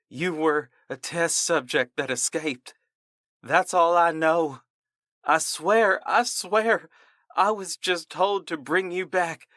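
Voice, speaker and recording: A man voicing a terrified male soldier who stammers and pleads in a high voice. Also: pushed and bright, no echo, studio quality, exaggerated voice. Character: terrified male soldier begging for his life.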